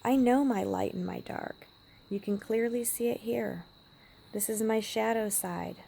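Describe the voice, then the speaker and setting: A woman with a gravelly, mellow voice recounts a personal story straight to camera. She speaks with feeling and slips into hushed whispers. A faint hiss sits under her voice. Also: mid-range voice, a little slow. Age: adult parent. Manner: emotional, drops to a hushed whisper at times. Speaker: vlogger.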